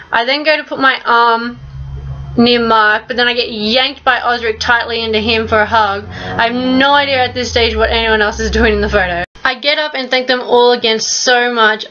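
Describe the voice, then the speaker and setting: A young woman narrating her vlog in a voice-over, telling an excited fan story with casual swearing. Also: fairly high pitch, highs cut off. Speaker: vlogger.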